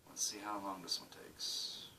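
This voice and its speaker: A man's voice: measured pace, pushed and bright, distant mic, a little hiss or hum, rough recording. A man casually vlogging at home into his phone, muttering and swearing while joking about himself. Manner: profane, self-mocking, muttering. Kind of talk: casual rambling video diary. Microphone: phone camera.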